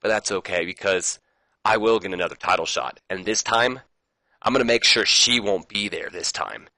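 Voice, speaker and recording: A man plays a male wrestler with a grudge who taunts a rival with mock congratulations. His bright, dry voice sounds sarcastic and pointed throughout. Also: on the low side, normal speed, vocal fry, dry recording. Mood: taunting.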